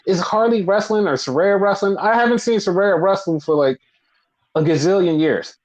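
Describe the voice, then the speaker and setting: A man co-hosting a casual wrestling recap podcast, blunt and profane, talking in an animated, opinionated way. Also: high-pitched, moderate pace. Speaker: podcast co-host. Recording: dull lo-fi podcast audio.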